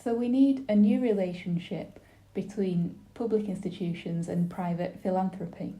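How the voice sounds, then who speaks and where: A woman giving a simultaneous interpretation of a webinar panel, speaking in a measured, formal way with brief pauses and restarts. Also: on the low side, dark tone.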